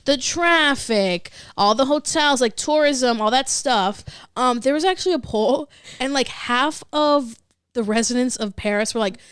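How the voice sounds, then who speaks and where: Giggly high-voiced woman on a podcast. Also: fairly bright tone, smooth, no echo, studio quality. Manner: giggly, quick to laugh. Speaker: podcast guest. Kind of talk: casual chat.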